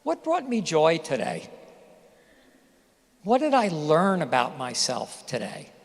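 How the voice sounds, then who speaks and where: A commencement speaker addresses graduates in an echoing hall, weaving stories and asking the audience direct questions. He talks slowly in a creaky, rather high voice whose pitch swoops wildly.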